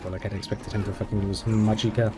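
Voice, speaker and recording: A man's voice: fairly low pitch, little pitch movement, quick pace, over music. A man giving sarcastic, muttered commentary while playing a game, swearing freely. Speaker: gameplay commentator. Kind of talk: casual gameplay commentary.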